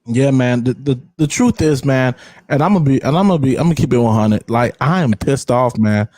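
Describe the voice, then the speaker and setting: A man's voice: mid-range voice, brisk, warm tone. A man hosting a podcast in casual conversation, talking candidly and emphatically with slang and repeated words. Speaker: podcast host.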